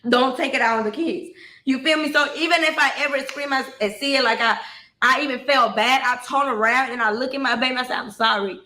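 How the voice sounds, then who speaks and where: A woman's voice: high voice, steady tone, brisk, pushed and bright, echoey room. A woman telling her own story bluntly and emotionally, swearing freely and talking straight to her listeners.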